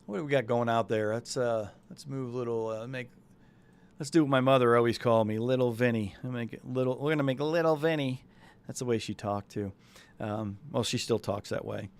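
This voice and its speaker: A man's voice: mid-range voice, steady tone, fairly quick, creaky, clear, resonant tone. A man from New England hosting a weather show, talking loosely and chattily and thinking aloud as he walks through the forecast. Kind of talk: casual live weather talk.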